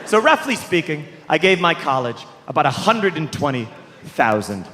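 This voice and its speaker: High-voiced guy doing stand-up, super animated, bright, echoey live hall. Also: moderate pace, slight background noise. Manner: animated, exasperated, sing-song voices for quoted people. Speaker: stand-up comedian. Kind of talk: stand-up set. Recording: live show with hall reverb.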